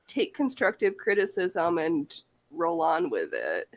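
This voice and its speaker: A woman's voice: lowish voice, wildly swooping pitch, slow. A woman hosting a casual chat, laughing often and slipping into playful mock voices. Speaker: host. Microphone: on-camera mic.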